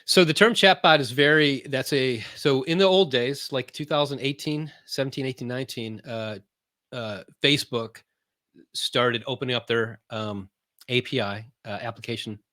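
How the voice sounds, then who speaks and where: A man speaking as a podcast guest about his marketing business, talking casually, often pausing on fillers and restarting sentences. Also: medium pitch, pushed and bright, dry recording, studio quality. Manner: halting, many fillers and restarts; explains in plain, loose terms.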